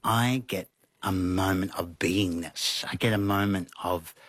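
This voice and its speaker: A man, a guest in an interview, telling animated stories and acting out quotes with laughs. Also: deep voice, measured pace, no room sound, studio quality. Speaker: interview guest, costume designer. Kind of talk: conversational storytelling.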